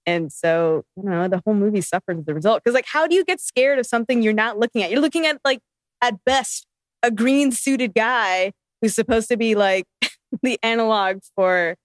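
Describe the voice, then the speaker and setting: A woman's fairly high voice, chatting about movies on a podcast with plenty of fillers and laughter. The sound is close and dry, with no room around it. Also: fairly quick, dry recording. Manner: animated, laughs often, rambling with fillers. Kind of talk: casual chat.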